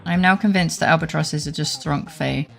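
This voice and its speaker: A woman's voice: low voice, moderate pace, vocal fry, fairly bright tone, faint music behind. A woman streamer giving casual, joking commentary and reading game dialogue aloud, often swearing and laughing.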